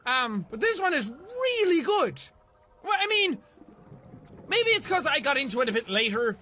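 Excitable young male gamer, very high bright voice, swears a lot, talks to the game. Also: moderate pace. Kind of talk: let's play commentary.

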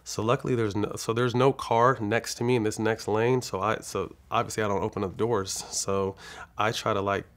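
His voice sits on the low side, steady and fairly bright, at normal speed. Appearing as a guest in an interview, this man from California rambles through a lengthy personal tale with profanity and frequent restarts, voicing the dialogue himself.

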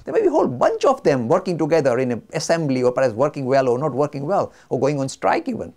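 Lively, gravelly-voiced man lecturing. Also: on the high side, fast. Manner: animated, acting out both sides of an argument. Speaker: religious studies speaker.

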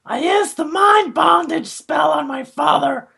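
A very high, shrill teenage girl played by a podcaster who shouts nearly every line. She talks slowly, with a gravelly edge of fry under the squeal. The comic reading is over the top and melodramatic. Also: heavily acted. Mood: thrilled. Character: excitable teenage girl gamer, dramatic.

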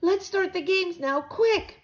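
A woman doing a brisk reassuring mother. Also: very high voice, voice pushed up. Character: patient mother, calm and soothing.

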